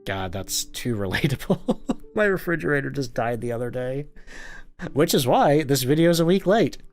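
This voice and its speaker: A man hosting a gaming video breaks in with casual, amused comments. His pitch moves in a lively way. Faint music plays behind. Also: moderate pace. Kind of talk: let's play commentary.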